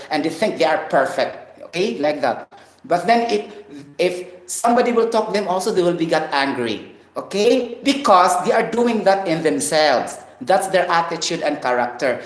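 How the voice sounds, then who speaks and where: Preachy man in roomy echo. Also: a little high. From Philippines. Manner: preachy, rambling, ends phrases with a questioning "okay?". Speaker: vlogger. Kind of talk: casual vlog monologue.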